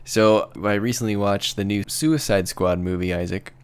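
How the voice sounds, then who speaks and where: A man's voice: on the low side, fairly even intonation, normal speed, clear, resonant tone. A man co-hosting a casual podcast, explaining his ideas with enthusiastic, rambling detail. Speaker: co-host.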